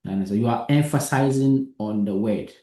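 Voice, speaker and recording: A man runs a hands-on coding lesson, patiently explaining and asking again and again whether it is understood. His voice sits low and mellow. The room around him adds a noticeable echo. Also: moderate pace. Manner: patient, repeats himself and checks understanding. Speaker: coding teacher.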